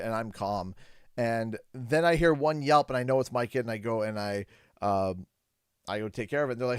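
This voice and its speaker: A man's voice: mid-range voice, smooth, no room sound, studio quality. A man in his thirties from Canada chatting casually on a livestream from his home office, telling rambling anecdotes and chuckling. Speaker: gaming streamer. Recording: game music playing behind.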